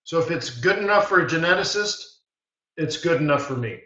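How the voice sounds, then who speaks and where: A man's voice: a little high, expressive, a little fast, bright, forceful tone. A man hosting a live trading webinar, teaching in a blunt, emphatic way with short repeated commands. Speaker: forex market strategist hosting a live webinar. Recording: roomy, distant, dull-sounding mic.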